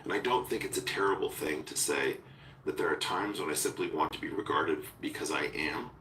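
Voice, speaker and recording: A man in a philosophical conversation, talking deliberately and searching for words, using technical terms. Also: rumbling low, pushed and bright. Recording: roomy echo from far off with faint noise.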